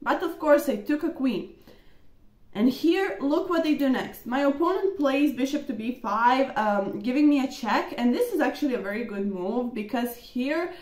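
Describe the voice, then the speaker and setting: A young woman reviewing her own chess games in a chatty, excitable way, with lots of fillers. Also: high-pitched, moderate pace. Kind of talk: casual game review commentary. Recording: echoey room.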